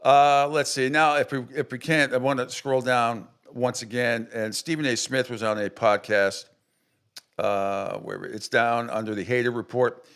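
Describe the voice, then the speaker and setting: A man hosting a sports radio show, talking casually and filling pauses. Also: mid-range voice, little pitch movement, a bit bright, clear, resonant tone. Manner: casual, agreeable, with filler pauses.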